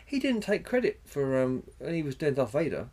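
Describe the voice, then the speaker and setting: A man's voice: medium pitch, very animated, a little fast, a little mellow. A man co-hosting a podcast in casual chat, rambling, swearing freely and searching for names mid-sentence. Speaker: podcast co-host.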